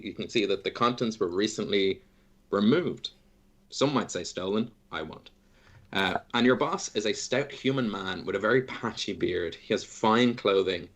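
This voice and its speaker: A man's voice: lowish voice, a bit bright. A man narrating a tabletop game as game master in a playful, rambling way.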